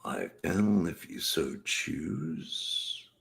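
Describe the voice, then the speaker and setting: A man's voice: sits low, big pitch swings, extremely slow, creaky, fairly bright tone. A man hosting his own late-night live stream, rambling casually to the chat. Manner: rambling, drifting, talking to the chat. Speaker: channel host.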